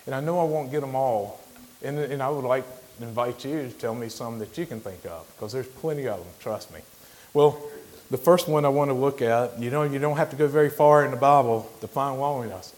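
A middle-aged man giving an informal sermon as a guest speaker, plainspoken, halting, with frequent restarts. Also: mid-range voice, a little mellow, poor audio. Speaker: guest lay preacher.

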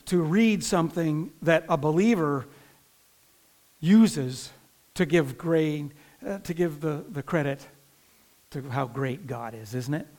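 A man with a high voice preaches a sermon in a chatty, informal way, with restarts and asides to his listeners. He is from northern Indiana and pastors his congregation. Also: takes it slowly, long pauses, darkish tone.

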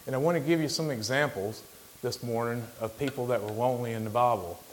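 A middle-aged man giving an informal sermon as a guest speaker, plainspoken, halting, with frequent restarts. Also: mid-range voice, slight background noise, rough recording. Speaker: guest lay preacher.

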